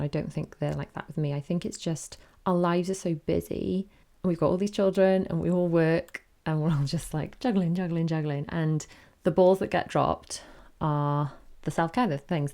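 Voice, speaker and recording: A woman in her thirties talks through a casual solo podcast with a low voice. She is candid and chatty and keeps drifting into tangents. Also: vocal fry, mellow. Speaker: podcast host.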